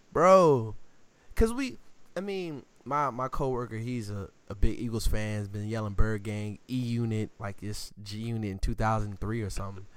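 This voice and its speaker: Smooth-voiced man telling sports stories. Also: medium pitch. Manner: animated storytelling, acts out quotes with slang. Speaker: podcast co-host. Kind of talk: casual sports podcast chat.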